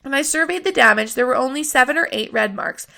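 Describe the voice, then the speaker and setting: A woman reading a novel aloud with steady storytelling narration. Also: high voice, fast, creaky. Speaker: reader of a novel.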